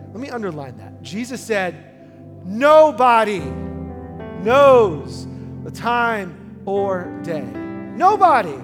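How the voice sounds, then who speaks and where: A man with a high voice preaches a sermon, emphatic and conversational, dropping to a hush on key phrases. His voice rings with a long hall reverb, and music plays clearly underneath. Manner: emphatic, swings from loud to hushed. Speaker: pastor.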